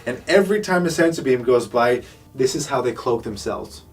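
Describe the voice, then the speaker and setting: A man's voice: mid-range voice, expressive, normal speed. A man co-hosting a casual review show, dropping dry wisecracks and short interjections. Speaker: podcast co-host. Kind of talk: casual episode review chat. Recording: distant mic with faint music.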